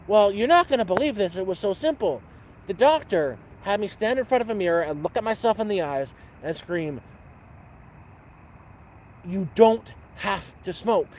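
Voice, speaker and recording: A man telling a dirty joke on a livestream at an outdoor campfire, rambling and repeating words, with loud sound effects. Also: sits high, animated, brisk, a little hiss or hum. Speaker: livestream host.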